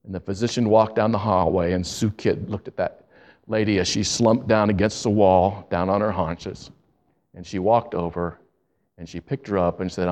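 A man preaching, telling a story earnestly and slowing down for emphasis. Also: low voice, steady tone, a little mellow. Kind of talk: sermon storytelling.

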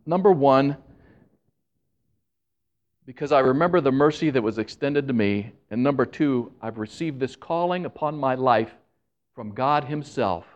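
A man preaching a sermon, animated and joking with the congregation, who admits he talks fast when excited. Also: mid-range voice, dull audio. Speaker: pastor.

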